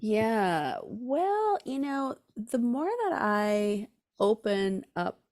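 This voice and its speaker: A woman's voice: on the high side, big pitch swings, extremely slow, darkish tone, dry recording, clean studio sound. A woman guest on a podcast, speaking earnestly and reflectively about her inner life. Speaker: author and musician guest. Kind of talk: reflective interview talk.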